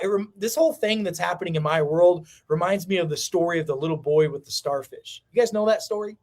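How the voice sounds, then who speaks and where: Male livestream host, higher register, impassioned and preachy, repetition for emphasis. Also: a little fast, few pauses. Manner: fiery, preachy, repeats lines for emphasis.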